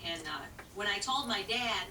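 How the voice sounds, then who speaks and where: A woman's voice: medium pitch, expressive, moderate pace, echoey room, recorded from a distance, noisy background. A woman who is a singer, talking in a folksy, plain-spoken way with many fillers while being interviewed. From rural country. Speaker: singer and guest. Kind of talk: casual interview answers.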